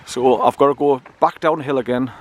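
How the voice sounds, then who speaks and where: A man's voice: medium pitch, steady tone, normal speed. An older man, talking casually and bluntly while walking his dog outdoors by a stream, rambling and repeating himself. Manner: chatty, blunt, meandering, repeats words. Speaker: dog owner vlogger. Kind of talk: casual rambling walk-and-talk.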